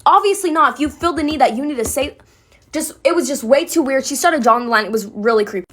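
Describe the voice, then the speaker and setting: Fast, chatty young woman telling a story. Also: sits high, lively intonation, a bit bright. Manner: chatty, fillers of "like", blunt and sassy. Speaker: vlogger. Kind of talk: casual storytime vlog.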